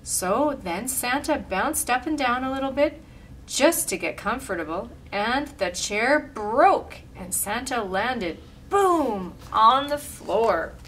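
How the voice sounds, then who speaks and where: Storytime reader, woman, slightly high voice, animated, expressive. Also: slow, distant mic, a little hiss or hum. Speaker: storyteller and craft leader. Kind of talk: storybook read-aloud.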